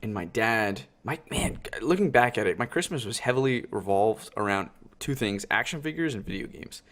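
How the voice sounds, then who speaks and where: A man's voice: lowish voice, lively intonation, moderate pace, fairly bright tone. A young man hosting a podcast over a call, chatting eagerly and swearing freely. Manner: enthusiastic, swears casually. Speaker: podcast host. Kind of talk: casual chat over a call. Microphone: video call.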